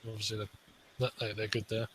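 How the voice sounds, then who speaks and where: A man's voice: lowish voice, flat delivery, fairly quick, fairly bright tone, a little hiss or hum, poor audio. A man co-hosting a casual podcast chat, laid-back with short remarks and casual swearing. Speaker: podcast co-host.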